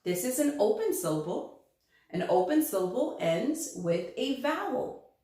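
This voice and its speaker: Lively woman teaching kids in an echoey room. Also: fairly high pitch, unhurried. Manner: animated storytelling, acts out letters' lines. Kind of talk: children's reading lesson.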